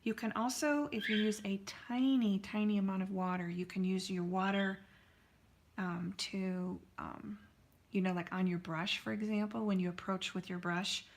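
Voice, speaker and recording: A woman's voice: medium pitch, fairly even intonation, moderate pace. A woman artist hosting a live painting stream, chatting casually and answering viewers' comments with lots of fillers.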